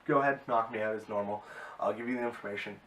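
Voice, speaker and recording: Small-time crook, male, bargaining fast and pleading, low voice, as a man recaps him, distant mic with hiss. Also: steady tone, fairly bright tone, echoey room, close to an everyday voice.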